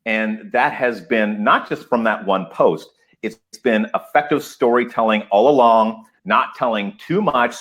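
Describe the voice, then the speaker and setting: A man speaking as a podcast guest, excited and emphatic, laughing often as he talks. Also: on the low side, a little slow, hardly any pauses. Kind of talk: enthusiastic podcast interview.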